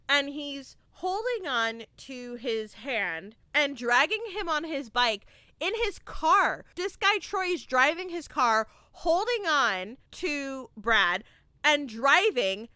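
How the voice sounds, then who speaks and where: A woman's voice: sits high, dry recording, clean studio sound. A young woman hosting a podcast, reviewing a movie in casual chat, laughing often and acting out lines. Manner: animated, laughs often, acts out quotes. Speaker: podcast host.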